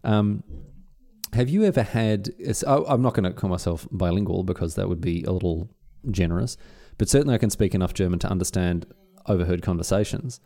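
A man's voice: deep voice, a little fast, gravelly, mellow. A man co-hosting a podcast, telling rambling stories in a casual chat and slipping into playful put-on voices. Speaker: podcast co-host.

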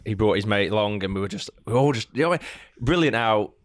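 A man co-hosting a football podcast, talking at a rapid clip with plenty of swearing and laughs. His voice sits a little low and sounds close and dry. It is casual pub-style chat. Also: lively intonation, dry recording. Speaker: podcast co-host.

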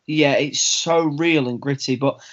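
A man's voice: on the high side, a little slow, fairly bright tone, lo-fi sound. A man, hosting a casual chat with an eager, stumbling flow. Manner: chatty, stumbling restarts. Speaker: host.

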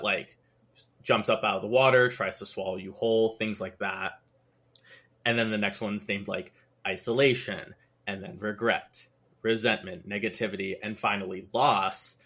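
A man chatting as a podcast guest, recounting a game in a lively way. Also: on the low side. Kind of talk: casual chat.

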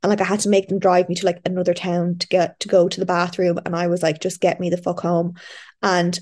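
An Irish woman hosts a podcast, telling a personal story in a candid, chatty way during casual interview conversation. Her voice is on the low side and darkish, with a level tone and quick pace, and she uses frequent fillers and restarts.

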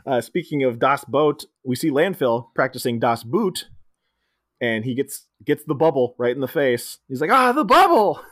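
A man casually recapping a film on a podcast, quoting characters in quick put-on voices. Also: medium pitch. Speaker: podcast co-host. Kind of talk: casual movie recap chat.

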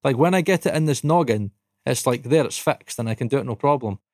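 A man from Dundee with a Scottish accent, co-hosting a podcast and telling a casual story, animated and swearing freely. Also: medium pitch, brisk, no echo, studio quality. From Dundee, Scotland. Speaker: podcast co-host.

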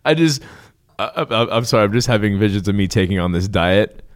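A man co-hosting a podcast, chatting casually, joking and telling lively stories. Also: lowish voice, a little fast. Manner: joking, animated storyteller. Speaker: podcast co-host.

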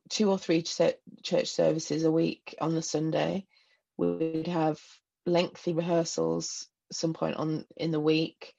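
A woman with a Northeast English accent speaks frankly and with self-deprecating humour in an interview, often restarting her sentences. Her voice sits fairly low, with a raspy, gravelly edge. The recording sounds a little muffled and lo-fi. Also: mellow. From Northeast England. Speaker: guest. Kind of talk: candid personal interview.

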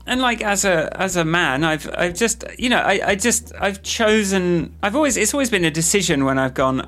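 A man's voice: sits high, lively intonation, normal speed, few pauses, fairly bright tone, faint music behind. A man co-hosting a podcast in casual, rambling chat, with many restarts and fillers. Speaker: podcast co-host. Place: office building with workers nearby.

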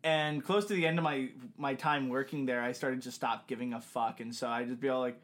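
A man's voice: mid-range voice, brisk, few pauses. A young man co-hosting a podcast, chatting casually and telling joking stories with frequent laughter. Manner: joking, laughing often, animated storytelling. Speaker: podcast co-host. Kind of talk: casual chat.

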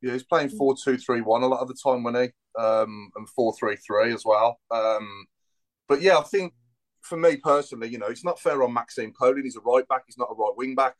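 A man from the area talks football with friends on a podcast. He speaks quickly at a middling pitch and rambles through his points. He fills the gaps with "you know" and tag questions. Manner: fast, rambling, lots of fillers. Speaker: podcast panelist. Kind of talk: casual football chat.

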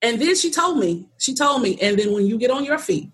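A middle-aged woman shares her own story as a guest, speaking earnestly and straightforwardly in a soft, breathy voice. She talks plainly and laughs easily along the way. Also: fairly high pitch, big pitch swings, fairly quick. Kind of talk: personal storytelling in conversation.

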